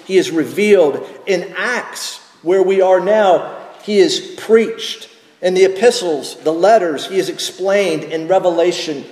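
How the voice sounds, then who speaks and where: A man preaching a sermon, teaching at a measured pace and asking rhetorical questions of the congregation. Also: fairly high pitch, darkish tone, roomy sound, long reverb tail. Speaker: pastor.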